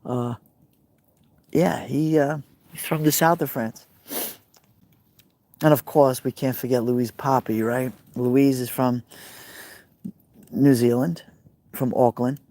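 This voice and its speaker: A man's voice: mid-range voice, fairly even intonation, slow, long pauses, dark tone, no echo. Chatty Brooklyn guy rambling on a live stream. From New York. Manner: rambling, chatty, reads out viewer comments. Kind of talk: casual live-stream chat. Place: outdoors by a fire pit.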